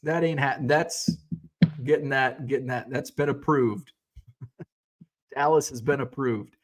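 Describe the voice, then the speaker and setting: A man in his thirties hosting a casual livestream, reading viewer comments aloud and chatting in a relaxed, rambling way, with lots of fillers and restarts, a little tired. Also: medium pitch, measured pace. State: yawning, tired. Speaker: card-collecting livestream host.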